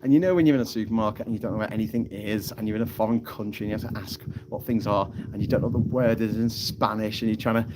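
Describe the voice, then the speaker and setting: A man's voice: lowish voice, steady tone, fast, hardly any pauses, very noisy. A man hosting a casual live stream, telling a rambling story with frequent laughs and some swearing, speaking into a phone outdoors on an island.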